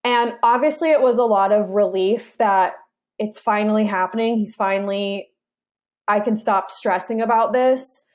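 A woman's voice: mid-range voice, moderate pace. Earnest woman telling her story. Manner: earnest, conversational, frequent "like" and restarts. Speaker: interview guest. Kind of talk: personal storytelling in casual interview.

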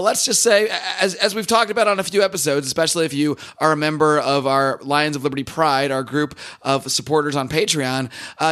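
Hoarse, enthusiastic male podcast host. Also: a little high, a bit bright. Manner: chatty, enthusiastic, rambling with fillers. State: hoarse, rough voice. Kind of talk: casual podcast intro.

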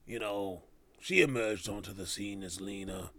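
A man's voice: on the low side, moderate pace, sharp tone. A man hosting a casual podcast, rambling with loose slang, trailing off and restarting his thoughts. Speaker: podcast host. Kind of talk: casual chat.

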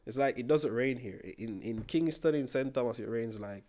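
A man's voice: medium pitch, brisk, dark tone. A young man with a Jamaican accent, a podcast guest in casual chat, rambling along and repeating words as he thinks.

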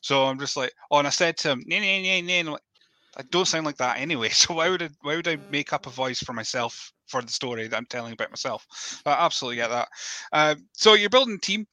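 Scottish male host, bright tone, dry room, casual chatty interviewer. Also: mid-range voice, expressive, quick pace, no room sound. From Elgin, Scotland. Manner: stammering starts, chatty. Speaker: podcast host.

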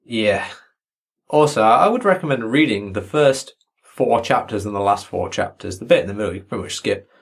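A man's voice: on the low side, animated, moderate pace, creaky, husky. A man in casual podcast chat, mocking a book with sweary sarcasm.

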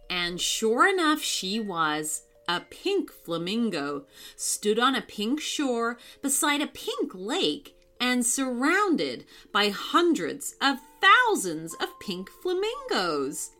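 A woman narrating a children's bedtime story in a slow, expressive, sing-song reading. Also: on the high side, soft background music.

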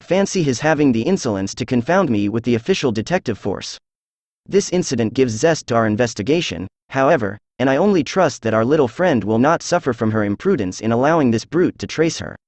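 A man's voice: medium pitch, fairly quick, no room sound, lightly acted. Tts man doing cool unbothered detective, mid voice, dry sound. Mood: calm. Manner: flat synthetic delivery. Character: calm, witty male detective, middle-aged.

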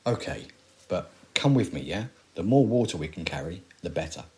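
A man's voice: low voice, big pitch swings, moderate pace, a little mellow. A man playing a dry apocalypse survivor in his forties. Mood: wry. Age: 40s. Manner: dry, sardonic, rambling. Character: weary sardonic middle-aged male zombie-apocalypse survivor. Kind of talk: amateur audio drama acting.

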